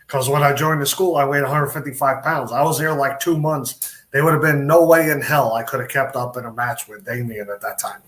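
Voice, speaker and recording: A man's voice: fairly high pitch, fairly bright tone. A middle-aged man, a wrestler, telling rambling stories with quoted dialogue in a casual interview. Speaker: podcast guest, wrestler.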